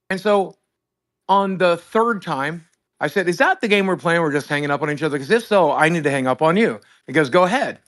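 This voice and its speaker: A man's voice: fairly high pitch, a bit bright. Man ranting through a profane story. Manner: profane, emphatic, acts out both sides of a phone call. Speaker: streamer host. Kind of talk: animated storytelling on a livestream.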